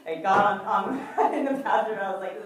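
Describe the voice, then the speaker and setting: A woman's voice: mid-range voice, normal speed. A woman, an actress at a fan question session, telling a chatty anecdote and acting out the quoted lines in between fillers. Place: event hall before an audience. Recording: echoey hall from far off, faint noise.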